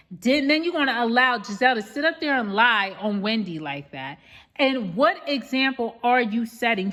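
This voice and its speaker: A woman's voice: fairly high pitch, fairly bright tone. A woman vlogger giving an emphatic, indignant rant recap of a reality show, often calling out to viewers as "y'all".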